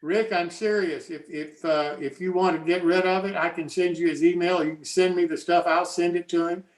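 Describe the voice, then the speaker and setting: A man's voice: sits high, fairly even intonation, normal speed. A man speaking emphatically and insistently in a casual group chat. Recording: echoey, far from mic.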